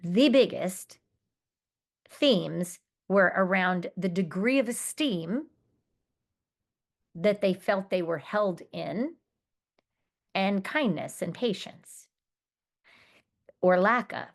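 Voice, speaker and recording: A woman presents to an audience of teachers. She explains her findings earnestly, pausing to restart and clarify, and her voice sits at an ordinary pitch for a woman. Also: animated. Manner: earnest, explanatory, with restarts and quoted student words. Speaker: conference presenter. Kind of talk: conference presentation.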